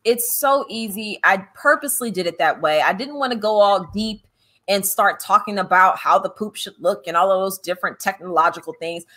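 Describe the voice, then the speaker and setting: A woman hosting a podcast, telling funny parenting stories in a casual, animated way and acting out quotes. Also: mid-range voice, a little fast. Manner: animated, laughing, acts out quotes. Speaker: podcast host and author. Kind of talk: casual chat, storytelling.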